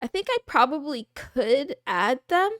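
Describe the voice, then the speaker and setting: Young woman streamer, kinda high voice, soft rambly chat answering viewer questions, dry close mic. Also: sing-song, unhurried, no room sound. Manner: soft, rambling, self-deprecating with giggles and "wah" noises. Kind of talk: casual livestream chat.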